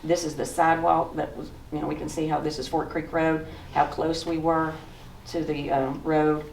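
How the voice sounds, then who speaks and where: A woman in her sixties with a Southern accent talks in a low, unhurried voice, sharing folksy memories while pointing at photos. She is recorded from across an echoey museum room, with a faint hum of background noise. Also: level tone, gravelly, a little mellow, recorded from a distance. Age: 60s. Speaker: author giving a talk. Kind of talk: slideshow talk with personal memories.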